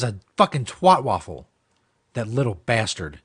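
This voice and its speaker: A man's voice: medium pitch, lively intonation, moderate pace, fairly bright tone. A man hosting a comedy show, ranting and mocking with heavy swearing. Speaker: host. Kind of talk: profane comedic rant.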